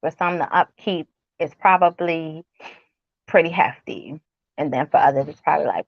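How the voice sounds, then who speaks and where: A woman in her forties talks to camera in a loose, rambling way, stopping to ask her viewers questions. Her voice sits a little low, and the sound is dull and dry. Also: moderate pace, vocal fry, no echo. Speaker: wellness vlogger. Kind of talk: casual chat to camera.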